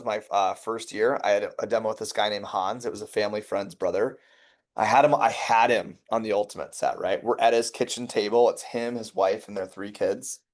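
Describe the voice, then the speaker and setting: A man giving a lively sales training talk, telling stories and checking in with the room. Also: fairly low pitch. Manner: energetic, conversational, checks in with listeners.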